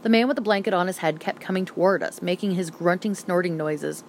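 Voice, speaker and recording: A woman reads a first-person novel aloud as an audiobook narrator. Her telling is brisk and vivid, in a voice a little low for a woman. A faint hiss sits behind the recording.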